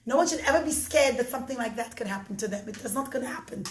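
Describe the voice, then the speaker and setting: A woman telling a story to children in an expressive way, often calling out to them directly. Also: a little high, racing, slight background noise. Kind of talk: animated storytelling. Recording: echoey room.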